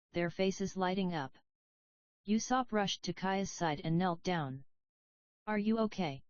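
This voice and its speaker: Slow, measured female audiobook narrator. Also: lowish voice, dry recording. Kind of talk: scripted story narration. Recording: dry, slightly dull audio.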